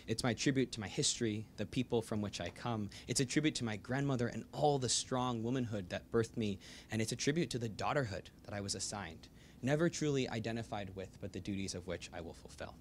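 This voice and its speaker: A young American man, an author, telling a personal story to a live audience in a bookstore with lively, animated delivery. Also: fairly low pitch, fairly quick, a little hiss or hum. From United States. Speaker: author giving a book talk. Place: bookstore event room.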